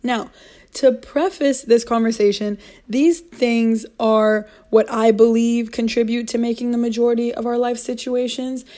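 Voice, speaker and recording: A woman's voice: on the high side, steady tone, a little slow, warm tone. A young woman hosting a motivational podcast, talking in an earnest, encouraging way and repeating her key points. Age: young adult. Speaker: podcast host.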